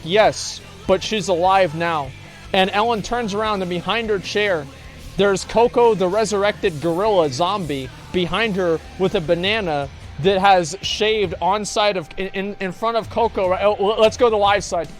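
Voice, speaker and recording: Male streamer, casual livestream chat, profane, rambling, slightly high voice, faint background music. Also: moderate pace. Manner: rambling, profane, animated storytelling.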